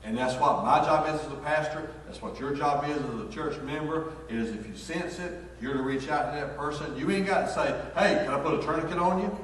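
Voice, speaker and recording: A pastor preaches with a folksy, storytelling manner, his voice pitched a little high for a man. He is heard from a distance in a church hall. The reverb is heavy and long, with a faint hum behind him. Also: brisk, few pauses. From North Carolina, USA. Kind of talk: sermon. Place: church sanctuary. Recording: echoey hall, picked up from far off.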